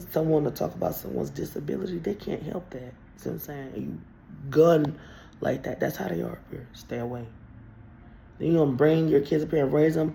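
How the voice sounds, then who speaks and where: A woman's voice: rumbling low, vocal fry, warm tone, slight background noise. A woman telling a story in a casual, blunt and profane rant that rambles along. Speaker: vlogger.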